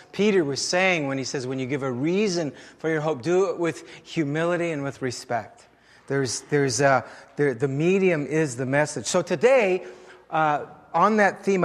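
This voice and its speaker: A man preaching a sermon as pastor, telling stories with many fillers and restarts. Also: high voice. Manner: storytelling with frequent fillers and restarts. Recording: long reverb of a large hall.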